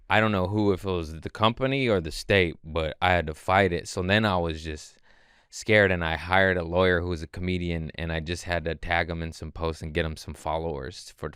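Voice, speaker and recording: A man, a comedian guest, telling stories casually and animatedly, swearing and acting out quotes in high voices. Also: fairly even intonation, a little fast, a bit bright, clean tone, no room sound, clean studio sound. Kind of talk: casual storytelling.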